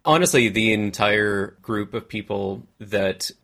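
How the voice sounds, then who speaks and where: A woman co-hosting a podcast in casual chat, agreeable and quick to laugh. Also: very deep voice, steady tone. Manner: warm-hearted, agreeable, laughs often. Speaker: podcast co-host.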